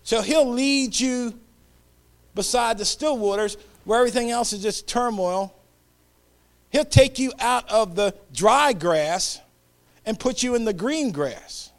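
A man preaching a sermon, leading call-and-response and dropping to whispered hallelujahs between loud calls. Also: very high voice, lively intonation, slow pace.

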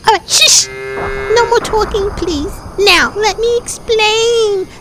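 A woman's voice: very high voice, slow, background noise. A woman hosting a children's puppet show, eager and coaxing as she guides the story along.

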